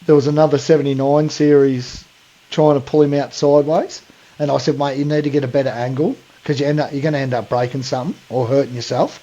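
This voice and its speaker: A man's voice: mid-range voice, steady tone, quick pace, mellow, dull audio. An Australian man co-hosting a podcast, talking bluntly in casual chat and calling people mate. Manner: blunt, ranting, says mate a lot. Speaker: podcast co-host.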